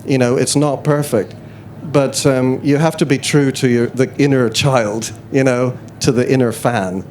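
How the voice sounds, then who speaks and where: A man's voice: mid-range voice, steady tone, unhurried, darkish tone, slight background noise. A man being interviewed on stage at a festival, talking in a rambling, self-deprecating way full of hesitations. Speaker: interview guest, musician. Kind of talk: casual live stage chat. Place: festival chat tent before an audience.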